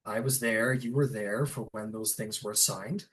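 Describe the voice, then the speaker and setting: A man's voice: fairly low pitch, fairly even intonation, normal speed, fairly bright tone, close to an everyday voice, rough recording. A man voicing a scheming noble baron, persuasive and businesslike in a fantasy game.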